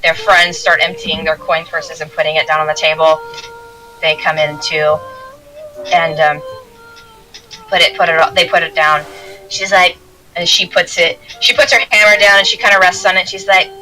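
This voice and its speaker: A woman's voice: fairly low pitch, level tone, moderate pace, pauses often, pushed and bright, soft background music, rough recording. A woman narrating as game master in a tabletop game, rambling with restarts. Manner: rambling, many restarts and fillers.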